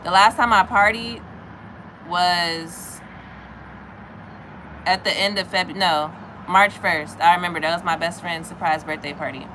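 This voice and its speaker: A woman in her thirties tells a story to her viewers in casual chat, animated and quick to act out other people's lines in a high voice. Her tone is bright and crisp. Faint noise hums behind her. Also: low-quality recording. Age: 30s. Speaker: livestreamer chatting with viewers.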